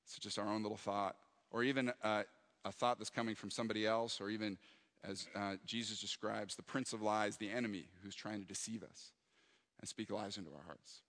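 A man's voice: lowish voice, fairly even intonation, fairly quick, fairly bright tone. A man preaching a sermon as a pastor, earnest and reflective, sometimes acting out his own prayers. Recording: hall reverb.

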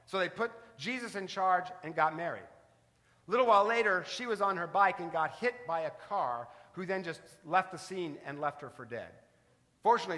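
High-voiced preacher in a reverberant sanctuary. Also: male voice, pushed and bright. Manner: storytelling preacher, varied emphasis. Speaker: pastor. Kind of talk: sermon. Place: church sanctuary.

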